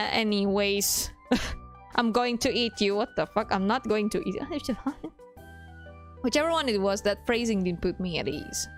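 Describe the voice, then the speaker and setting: Giggly woman streamer nerding out. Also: a little high. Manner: chatty, swears freely, giggles often, nerds out on languages. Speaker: game streamer. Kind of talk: casual live gaming commentary.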